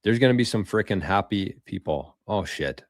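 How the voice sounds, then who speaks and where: A man hosting a casual livestream, reading viewer comments aloud in a loose, swearing, chatty way with quick laughs. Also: fairly low pitch, animated, no room sound, studio quality. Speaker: livestream host.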